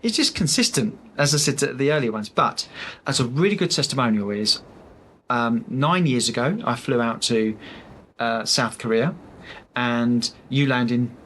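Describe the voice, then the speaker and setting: A man talks as a podcast guest, chatty and full of stories, with lots of "um"s and false starts as he explains a product he sells. His voice sits at a middle pitch. A faint hiss sits under the recording. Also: normal speed, fairly bright tone. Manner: chatty storyteller, many fillers and restarts. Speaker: sales rep for architectural film, podcast guest. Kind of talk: casual podcast interview.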